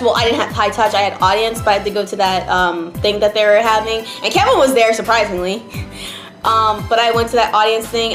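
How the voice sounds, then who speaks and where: Young female vlogger, slightly high voice, chatty and emotional, roomy echo with faint music behind. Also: a bit bright. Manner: chatty, emotional, many fillers, near tears. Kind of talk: casual storytelling to camera. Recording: echoey room, faint background music.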